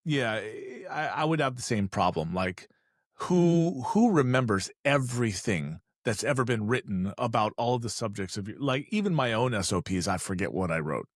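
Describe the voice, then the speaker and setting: Animated joking man, dry close sound. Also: medium pitch, normal speed, dry recording. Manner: animated storyteller, acts out voices, joking asides. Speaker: e-commerce expert. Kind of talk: casual podcast conversation.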